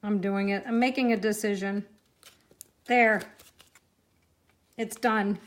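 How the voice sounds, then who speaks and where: A woman's voice: medium pitch, fairly even intonation, slow pace. A woman hosting a live-streamed card-making class, chatty and reacting to viewer comments as she works.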